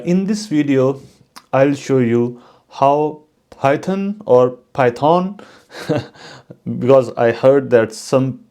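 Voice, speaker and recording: A man hosting his own channel, giving a casual, unhurried tutorial on coding for network engineers, with frequent fillers and restarts. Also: mid-range voice, dark tone. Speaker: channel host teaching network automation.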